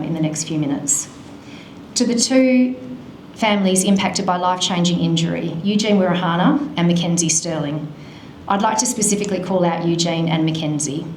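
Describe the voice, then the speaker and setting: Woman, charity speaker, earnest and emotional, lower voice, roomy hall sound. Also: a little mellow, slight background noise. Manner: earnest, emotional, slow and measured. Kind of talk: speech at an event. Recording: echoey hall.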